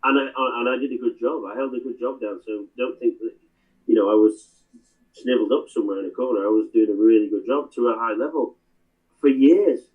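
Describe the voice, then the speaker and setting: A man's voice: medium pitch, a little fast. A man hosting a podcast, speaking earnestly and emphatically, often repeating phrases. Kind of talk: casual conversation. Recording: tinny phone-like line.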